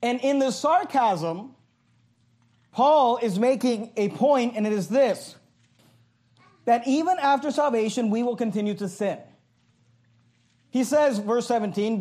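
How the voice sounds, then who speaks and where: Guy preaching, pretty high voice, reads old bible verses and breaks them down, emphatic. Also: a little mellow. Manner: emphatic, reads King James verses aloud and explains them. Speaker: pastor. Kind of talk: sermon.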